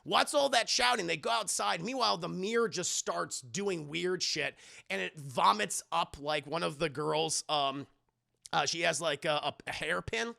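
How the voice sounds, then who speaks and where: A man hosts a casual live review and retells scenes in an animated, profane way. His voice sits high and is heavily gravelly. It has a bright, edgy tone. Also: unhurried. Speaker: streamer and show reviewer.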